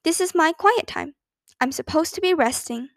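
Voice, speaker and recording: A woman's voice: extremely high pitch, lively intonation, normal speed, no room sound, studio quality, pitched above the performer's own voice. A woman voicing a stubborn, cheeky little preschool girl who talks back sweetly. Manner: sweetly defiant, childish.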